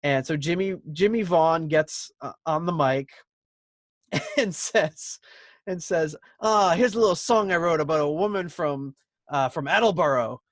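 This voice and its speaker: A man's voice: on the high side, measured pace, no room sound, studio quality. A man co-hosting a podcast in casual chat. He tells stories with laughter and acts out quotes. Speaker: podcast co-host.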